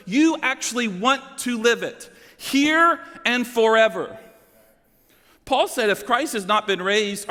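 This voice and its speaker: A man pastor delivering a sermon, earnest and emotional, with sweeping rises and falls in his delivery. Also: fairly bright tone. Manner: emotional, earnest preaching with dramatic swings in pitch. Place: church sanctuary. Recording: long hall reverb.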